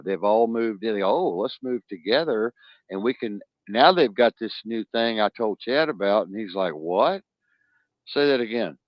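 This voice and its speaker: A man's voice: lowish voice, dry recording, muffled recording. A man hosting a podcast, talking emphatically and addressing the audience with warnings. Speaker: podcast host. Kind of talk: casual podcast talk.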